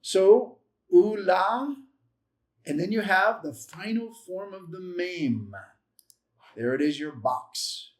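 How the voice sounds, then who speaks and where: A man with a fairly high-pitched voice leads a patient, step-by-step lesson. He sounds out each letter slowly and repeats syllables several times. He corrects his own slips with light, self-deprecating humor. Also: a bit bright. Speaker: Bible Hebrew teacher. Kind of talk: classroom-style language lesson.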